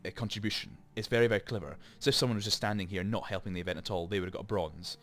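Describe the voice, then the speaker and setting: A man's voice: on the low side, racing, a bit bright, faint music behind. A man hosting a let's play, chatting and rambling through explanations with lots of asides, into a desk microphone. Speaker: gaming channel host.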